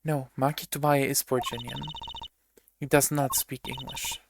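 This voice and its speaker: A streamer doing a calm foreign singer. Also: medium pitch, noisy background, natural voice. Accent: put-on foreign accent. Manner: calm, formal, measured.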